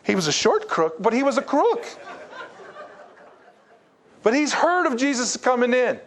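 Pastor, male, high-pitched, jokes through a sermon and drops to low, quiet emphasis for weight. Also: sing-song, measured pace.

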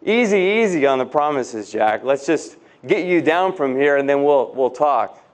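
A man voicing God in a sermon story, speaking calmly and steadily. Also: a little high, moderate pace, lightly acted. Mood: calm reassuring. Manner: calm, steady, reassuring. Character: calm, patient voice of God.

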